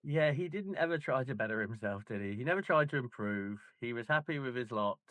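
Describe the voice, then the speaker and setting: A man's voice: mid-range voice, lively intonation, a bit bright, no echo. A man co-hosting a casual chat about a football book, trading wry jokes. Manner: wry banter, quick jokes. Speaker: podcast co-host.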